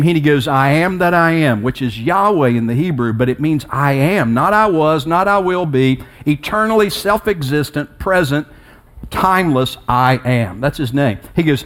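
A man in his sixties preaching a sermon, earnest and personal. His voice sits a little higher than most men's, and it lifts sharply with emphasis when he drives a verse home. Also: expressive, normal speed, fairly bright tone. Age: 60s. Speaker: pastor.

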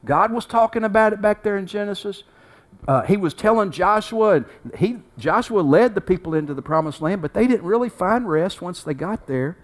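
A man's voice: sits high, expressive, moderate pace. A man preaching a sermon as pastor, folksy and emphatic, with down-home turns of phrase.

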